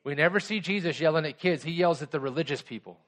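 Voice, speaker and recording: A man's voice: fairly high pitch, quick pace, fairly bright tone. A middle-aged pastor giving a conversational sermon to children and adults, asking the kids simple questions as he goes.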